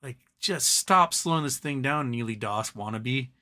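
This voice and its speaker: A man's voice: medium pitch, lively intonation, measured pace, pushed and bright. A man hosting a casual live stream, ranting animatedly and mocking other people's voices as he quotes them.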